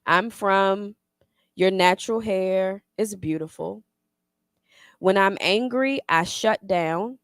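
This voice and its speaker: A woman reading her own spoken word poem slowly and deliberately, then leading a youth poetry circle. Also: mid-range voice, fairly bright tone, smooth, no room sound, studio quality. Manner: slow, deliberate poetic delivery. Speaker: workshop facilitator.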